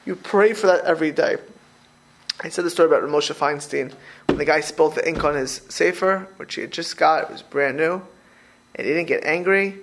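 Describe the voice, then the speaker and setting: A rabbi gives a loose, informal talk, his voice sitting high and edged with a gravelly fry. He rambles and restarts, repeats phrases and tumbles into animated anecdotes. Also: fairly quick, slight background noise.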